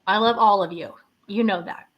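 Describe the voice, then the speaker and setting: A woman's voice: mid-range voice, moderate pace, dull audio. A woman co-hosting a casual livestream chat, bubbly and gushing, with lots of "like"s. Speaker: co-host of a livestream.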